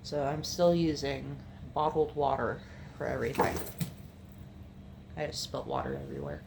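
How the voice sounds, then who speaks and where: A woman's voice: very deep voice, very animated, moderate pace, creaky, noisy background. A young woman with a light Appalachian accent, chatting casually and matter-of-factly in a home vlog, thinking aloud as she goes. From New Jersey, raised in North Carolina and Virginia. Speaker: makeup vlogger. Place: home room.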